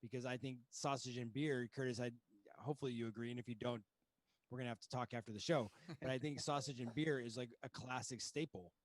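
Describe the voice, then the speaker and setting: A man's voice: medium pitch, steady tone, quick pace, dry recording. Chatty, joking male podcast host. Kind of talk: podcast interview.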